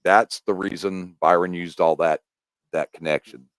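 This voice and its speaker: A man from the United States, a podcast guest talking in a casual chat, explaining in a rambling, animated way with many restarts. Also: low-pitched, a little slow, no echo.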